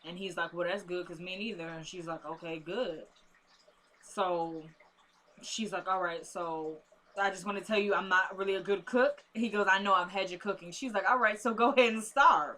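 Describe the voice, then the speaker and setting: A woman's voice: fairly low pitch, fairly even intonation, normal speed, a bit bright. A woman casually recapping a TV episode for her viewers, chatty and drifting into asides, calling them "y'all".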